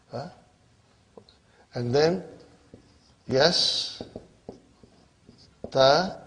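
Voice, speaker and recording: A man teaching an Arabic grammar lesson, switching between English and Arabic and often asking his class if they follow. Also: a little high. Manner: questioning, checks understanding often.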